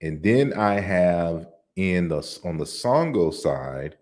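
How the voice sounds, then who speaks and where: A man giving an online lecture on word forms, explaining slides deliberately with frequent restarts. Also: sits low, expressive, a little mellow. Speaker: lecturer on African languages.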